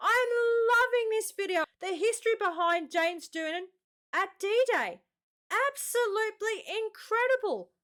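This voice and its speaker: Excitable Australian woman, reaction host, pitched very high; chatty and exclamatory. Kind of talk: casual reaction commentary.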